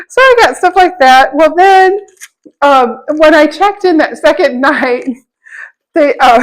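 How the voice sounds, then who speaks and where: A woman's voice: high voice, rough recording. A middle-aged woman telling stories in a casual vlog, chatty, laughing often and acting out the voices of people she quotes. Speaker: vlogger.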